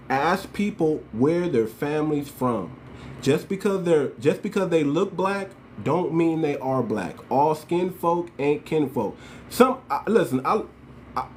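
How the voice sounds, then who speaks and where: A man's voice: mid-range voice, slight background noise. A man from the United States hosting his channel with impassioned political commentary, slangy and emphatic, repeating his points as he talks straight to his viewers. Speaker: channel host.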